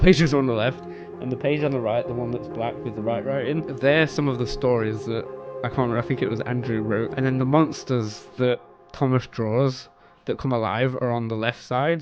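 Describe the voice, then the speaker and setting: A man's voice: medium pitch, lo-fi sound. Chatty British man reviewing books. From Britain. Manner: chatty, self-correcting, stumbles over words and laughs at himself. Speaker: book vlogger. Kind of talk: casual book review chat.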